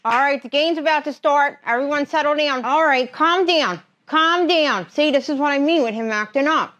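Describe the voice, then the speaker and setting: A woman's voice: high voice, normal speed, fairly bright tone, no echo, lo-fi sound, voice pushed up. A woman playing a brash middle-aged Philly mom with a Philadelphia accent, griping and bossing people around. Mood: scolding. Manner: bossy, griping, blunt.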